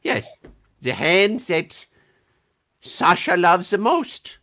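A man with a high, sing-song voice draws out his words in a sharp tone. He's a voice actor answering fan questions on a casual livestream Q&A over video call, joking around, laughing a lot and reading fan comments aloud.

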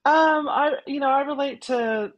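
A middle-aged woman chats loosely in an interview. She laughs easily and stumbles over repeated words when she gets excited, keeping the tone light. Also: high-pitched, a little slow, lo-fi sound. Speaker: actress, interview guest. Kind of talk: casual interview chat.

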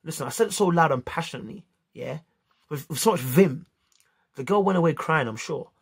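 A young British man telling a story to camera in casual slang, animated and acting out the dialogue. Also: fairly high pitch, fairly quick, vocal fry, breathy edge. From United Kingdom. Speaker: vlogger.

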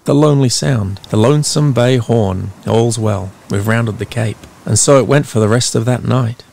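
A man narrating a story in a measured, dramatic way. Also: medium pitch, gravelly, a little mellow, slight background noise. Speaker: audiobook narrator.

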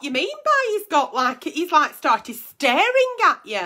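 A woman's voice: sits high, very animated, measured pace, pushed and bright, a little hiss or hum. Blunt, sweary woman. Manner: blunt, swears freely, teasing. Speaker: advice show host. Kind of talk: casual comic advice chat.

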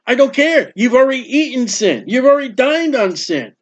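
A man's voice: extremely high pitch, very animated, normal speed, few pauses. A man preaching a sermon in a folksy storytelling way, acting out quotes from the stories he tells. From United States. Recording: dull lo-fi recording.

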